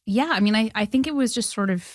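A woman in her thirties from Canada, a filmmaker and former music journalist, telling stories in a casual interview with lively acted-out dialogue and frequent laughter. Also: fairly high pitch, quick pace, no echo, clean studio sound. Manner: animated storytelling, acts out quoted dialogue, laughs often.

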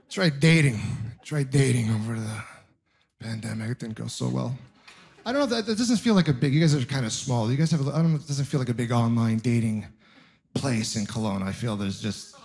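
A young man performs stand-up at a comedy club as the crowd laughs, telling punchy, rambling stories that mock himself. His voice is mid-range with a darkish tone.

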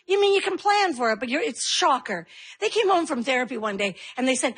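A middle-aged woman does a stand-up routine in a high, bright voice. She keeps breaking into animated acted-out voices for her kids and herself. The recording carries clear background noise. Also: brisk. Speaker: stand-up comedian.

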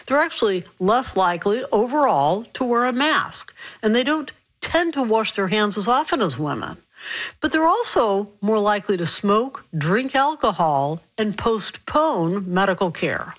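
A woman physician explaining health topics in a radio interview, brisk and clear. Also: mid-range voice, sing-song, lo-fi sound.

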